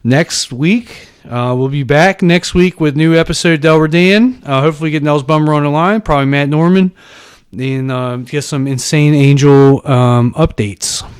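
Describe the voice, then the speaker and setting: A man's voice: a little high, normal speed, smooth, dry recording. A man hosting a comedy podcast, rambling through an improvised, profane monologue and tripping over his words. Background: soft music playing underneath.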